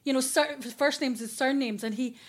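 A woman's voice: sits high, moderate pace. A woman with a Scottish accent, a podcast guest chatting casually and bluntly, with lots of swearing and slang. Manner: frank and sweary, with broad local slang. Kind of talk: casual chat.

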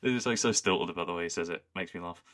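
A young man with a low voice and a bright, forceful edge co-hosts a casual podcast chat. He talks with real enthusiasm. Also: fast. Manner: enthusiastic, quotes lines in a put-on voice. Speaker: podcast co-host.

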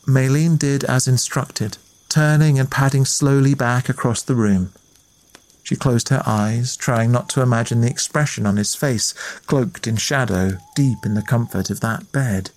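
A man reading a ghost story aloud in a measured, atmospheric way as the storyteller. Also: mid-range voice, steady tone, darkish tone. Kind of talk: scripted narration of a ghost story.

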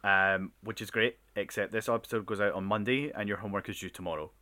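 A man's voice: lowish voice, steady tone, fast talker, sharp tone. A man co-hosting a casual science podcast, rambling with frequent ums. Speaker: podcast co-host. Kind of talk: casual chat.

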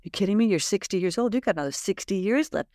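A middle-aged woman hosts a heartfelt chat, her voice sitting at an ordinary mid pitch. She speaks earnestly and emphatically, offering spiritual encouragement. The sound is dry and close, with no room echo. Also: expressive, quick pace, mellow. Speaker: podcast host. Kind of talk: heartfelt conversation.

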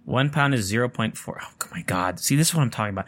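A man's voice: medium pitch, expressive, fast talker, few pauses, a bit bright. A man chatting casually to viewers at home, rambling and joking, swearing freely and smoking as he talks. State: smoking while talking. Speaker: vlogger.

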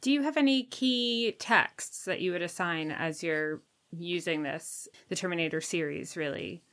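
A woman's voice: lowish voice, measured pace, fairly bright tone. A woman hosting a podcast interview, talking in a thoughtful, tentative way. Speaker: podcast host.

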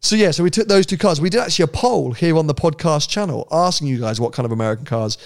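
A man co-hosting a podcast in casual chat, talking freely with frequent laughs and quieter asides. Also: a little high, expressive, fast. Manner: chatty, laughs often, trails off into quieter asides. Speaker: podcast co-host.

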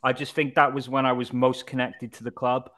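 A man's voice: mid-range voice, flat delivery, a little fast, a bit bright. A man co-hosting a casual football podcast who looks back on past matches in a fond, reflective way. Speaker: podcast co-host. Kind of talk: casual chat.

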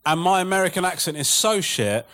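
Animated, swearing comedian. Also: male voice, high-pitched, brisk. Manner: laughing, profane, animated storytelling. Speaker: comedian telling a story. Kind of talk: podcast storytelling before a live audience.

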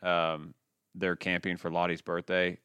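A man hosting a podcast, excitedly recapping TV episodes in a rambling, swear-filled casual chat. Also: sits low, unhurried, clean tone, no room sound. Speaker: podcast host.

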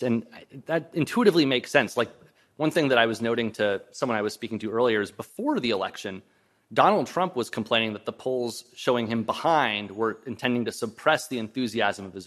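A man's voice: medium pitch, animated, fairly quick, fairly bright tone. A man giving a public lecture and answering audience questions, talking thoughtfully with frequent restarts and hedges. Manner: thoughtful, hedging, many restarts and "um"s. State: voice briefly strained. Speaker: guest lecturer. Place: lecture hall.

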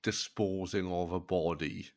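Low-voiced guy, deadpan silly logic on a comedy podcast, gets defensive. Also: measured pace. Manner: deadpan absurd reasoning, defensive. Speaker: comedian guest. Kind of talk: casual comedy chat.

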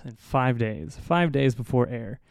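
A man hosting a podcast, spinning a casual story in a rambling, swear-laden, self-mocking way. His voice is mellow and smooth, caught close and dry on a studio mic. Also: mid-range voice, measured pace, no echo. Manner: rambling, profane, self-deprecating, with many restarts. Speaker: podcast host. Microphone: studio mic through an audio interface.

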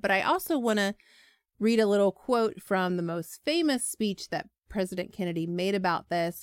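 A woman's voice: medium pitch, dry recording, clean studio sound. A woman hosting a history podcast, telling the story in a casual, chatty way with filler words. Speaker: podcast host.

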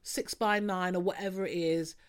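A woman's voice: lowish voice, steady tone, normal speed. A woman hosting a podcast, chatting casually and teasing her co-host. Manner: cheeky, teasing, laughs often. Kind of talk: casual chat.

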